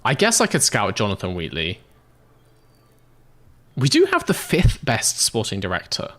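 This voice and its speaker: A man's voice: fairly low pitch, wildly swooping pitch, measured pace, a bit bright. A man giving casual gameplay commentary as a game streamer, in a sarcastic, self-mocking and joking way.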